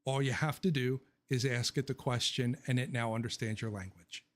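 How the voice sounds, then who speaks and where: A man's voice: mid-range voice, fairly even intonation, normal speed. A man hosting a casual livestream Q&A, rambling and joking, blunt with his opinions and laughing often. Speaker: livestream host answering viewer questions.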